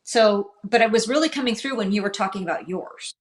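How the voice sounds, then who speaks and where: A woman's voice: medium pitch, lively intonation, a little fast. A woman co-hosting a podcast after-show, chatting and thinking aloud as she recalls an episode. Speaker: podcast co-host. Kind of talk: casual after-show chat.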